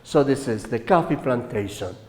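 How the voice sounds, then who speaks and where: A man with a Colombian Spanish accent, a native Spanish speaker, teaching a slow classroom English lesson and often checking with "right?". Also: mid-range voice, expressive. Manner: slow, repeats words and asks "right?". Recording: echoey room with long reverb.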